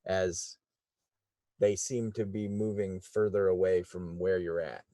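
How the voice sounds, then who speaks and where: A man narrating a tabletop game as game master, halting and full of restarts. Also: low voice, level tone, mellow, no echo.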